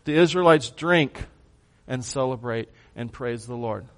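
A man preaching a sermon, who swings from hushed lines to loud bursts and puts questions to his congregation. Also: medium pitch, unhurried. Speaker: pastor.

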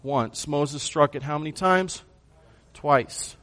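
A man preaching a sermon, who swings from hushed lines to loud bursts and puts questions to his congregation. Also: fairly high pitch, slow pace. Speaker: pastor.

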